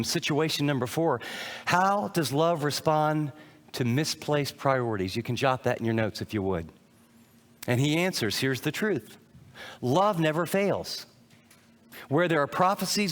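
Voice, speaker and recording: A man's voice: on the high side, big-room sound. A man preaching a sermon as a pastor, emphatic and repetitive, telling listeners what to note down. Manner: emphatic, repeating phrases, directing listeners to their notes.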